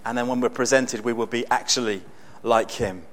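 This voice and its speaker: Animated male preacher. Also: medium pitch, moderate pace. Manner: conversational, animated storytelling with bursts of excitement. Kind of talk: sermon.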